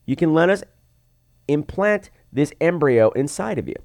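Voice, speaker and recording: A man's voice: on the high side, animated, a little slow, a little mellow. A man putting on a gloating, theatrical villain doctor while retelling a film. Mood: threatening. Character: moustache-twirling evil male doctor villain.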